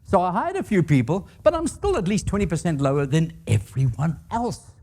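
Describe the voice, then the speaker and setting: A man's voice: a little high, big pitch swings, brisk, a little mellow. A man voicing a defensive male operations manager who justifies himself earnestly.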